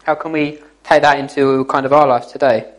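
A man's voice: medium pitch, steady tone, moderate pace, poor audio. A man giving an informal, jokey church talk to young people, teasing his listeners as he goes. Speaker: youth speaker.

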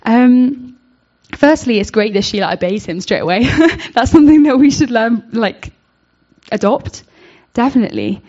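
A woman's voice: fairly high pitch, lively intonation, normal speed, a little mellow. A woman giving an informal devotional talk, earnest and searching, with many fillers and restarts. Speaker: speaker giving a Bible reflection. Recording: dull lo-fi recording.

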